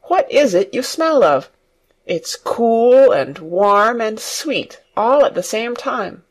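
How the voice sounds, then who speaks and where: A reader voicing a bedridden young boy, excited and curious. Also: mid-range voice, slow pace, pitched above the performer's own voice. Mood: joyous. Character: sickly boy, delighted and curious.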